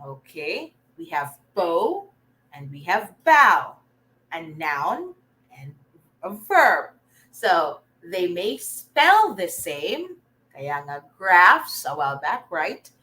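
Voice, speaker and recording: A woman's voice: lowish voice, big pitch swings, takes it slowly, bright, forceful tone, rough recording. A Filipino woman teaching an online reading lesson, encouraging and often checking in with her learners. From Philippines.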